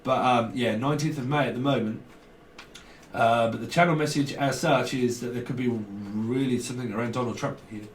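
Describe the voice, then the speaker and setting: This tarot reader has a steady, mid-range voice and a brisk delivery, rambling and joking his way through a casual reading to camera with chuckles between ideas. Distance from the mic makes him sound echoey, and a light hiss runs underneath.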